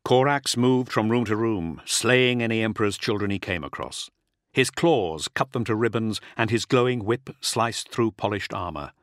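A man narrating an audiobook with a dramatic, expressive reading. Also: fairly low pitch, normal speed, dry recording, clean studio sound. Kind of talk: scripted narration.

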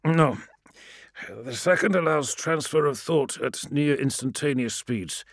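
A man's voice: on the high side, a little slow, gravelly, no echo, studio quality, pitched above the performer's own voice. A man voicing a male swordsman adept who speaks precisely and intones like a ritual chant, in an audiobook. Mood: intoning.

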